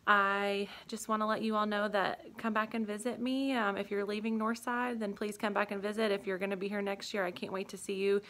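A young woman teacher in an empty classroom, speaking an emotional farewell to her students and holding back tears, with many pauses and ums. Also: medium pitch, level tone, a bit bright. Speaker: third grade teacher. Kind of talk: heartfelt farewell video message.

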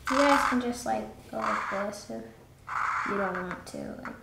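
A woman's voice: fairly high pitch, moderate pace, vocal fry, roomy sound, heavy background noise. A woman giving a casual, chatty drawing lesson, rambling into playful asides as she draws. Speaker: drawing teacher.

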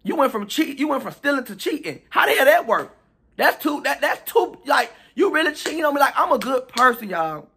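A man telling a storytime vlog in a chatty, animated, profane gossip manner, talking straight to his viewers. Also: extremely high pitch, fairly quick, gravelly, slight background noise. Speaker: storytime vlogger.

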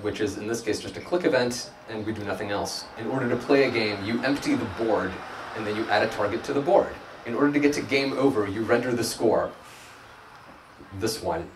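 A man giving a live coding talk at a meetup, chatty and self-deprecating, heard through a distant mic in a room with an audience. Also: lowish voice. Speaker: conference speaker. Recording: echoey room, distant mic, background noise.

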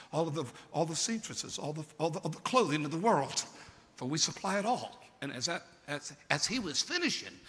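Theatrical preacher with a bright, piercing voice. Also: male voice. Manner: theatrical, swings from shouted peaks to hushed lows. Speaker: pastor. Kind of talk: dramatic sermon storytelling. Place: large church sanctuary. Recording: long hall reverb from a church service.

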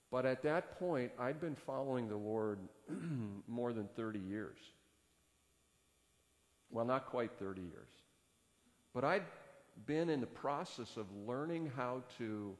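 A male pastor telling a story from the pulpit in an unhurried way, his pitch swinging widely as he acts out the dialogue. The sound carries a long church reverb. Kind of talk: sermon storytelling. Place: church sanctuary.

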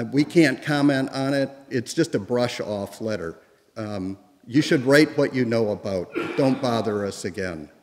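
A man's voice: medium pitch, darkish tone. Man lecturing in a reverberant room. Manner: conversational storytelling with occasional fillers. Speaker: guest lecturer on history. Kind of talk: public history lecture.

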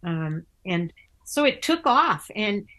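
An older woman, a theatre actor and author, speaks slowly in a medium-pitched, sing-song voice with a slightly bright tone. She's chatting casually in an interview, telling stories with lots of restarts and acting out other people's voices.

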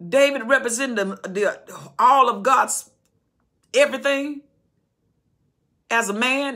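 Fervent woman preacher, forceful, husky. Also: on the high side, slow, long pauses. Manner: fervent, repetitive, conversational preaching. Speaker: Bible teacher. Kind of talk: impassioned Bible study sermon.

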